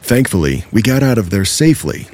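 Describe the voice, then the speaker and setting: A man with a very low, husky voice reads true horror stories aloud. His delivery is measured and steady, the pace of a practiced narrator. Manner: measured, storytelling. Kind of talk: scripted horror story narration.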